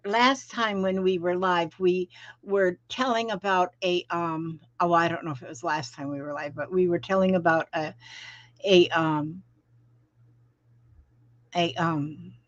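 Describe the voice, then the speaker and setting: A woman's voice: on the low side, a little slow, a bit bright, no echo. Woman, middle-aged, folksy rambling live-stream host, dull lo-fi sound, dry. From Florida. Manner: chatty, rambling, folksy, greets viewers by name. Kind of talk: casual live stream chat.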